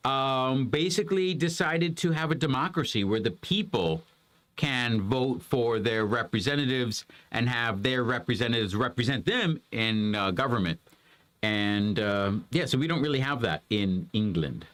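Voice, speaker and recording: A man teaches history to a child in a loose, conversational way. He rambles and restarts often, leaning on fillers. His voice swings widely in pitch and stays energetic. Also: moderate pace. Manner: animated, rambling, many fillers. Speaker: homeschool parent teaching history. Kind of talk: casual history lesson with a child.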